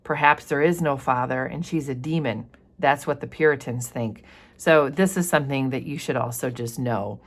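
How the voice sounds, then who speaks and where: A woman's voice: rumbling low, normal speed. A woman teacher reading a novel aloud and stopping often to explain passages and pose questions to students. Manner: reads passages aloud, then explains them plainly with questions. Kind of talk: classroom read-aloud with commentary.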